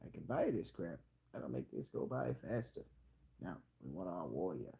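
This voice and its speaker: Lively, rambling male game streamer. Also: moderate pace, creaky. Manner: rambling, jokey self-talk with sudden high squeaks; playfully hamming a hick drawl. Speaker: streamer playing a strategy game. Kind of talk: casual live-stream commentary.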